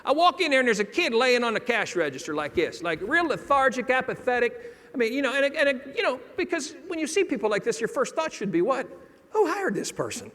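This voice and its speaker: High-voiced, animated man speaking in a hall. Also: fairly quick. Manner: animated, acts out quoted voices. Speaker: keynote speaker. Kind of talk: comedic storytelling keynote. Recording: long hall reverb.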